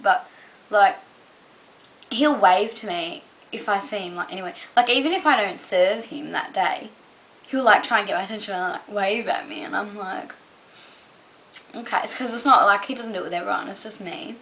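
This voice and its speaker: A woman's voice: mid-range voice, moderate pace, a bit bright, poor audio. A young Australian woman vlogging casually to camera, rambling with lots of "um" and "like". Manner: rambling, full of "um" and "like".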